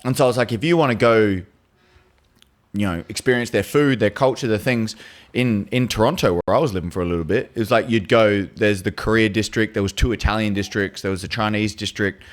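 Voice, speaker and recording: A man's voice: lowish voice, brisk. A man with an Australian accent, hosting a podcast and talking in a rambling, casual way. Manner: rambling, chatty. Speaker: podcast host. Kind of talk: casual chat.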